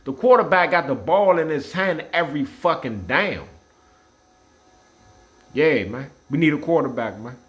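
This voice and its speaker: Blunt, swearing football fan ranting. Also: male voice, fairly high pitch, lively intonation, unhurried, long pauses, faint music behind. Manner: blunt, repetitive, trash-talking, swears often. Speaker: sports vlogger. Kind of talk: casual opinionated rant.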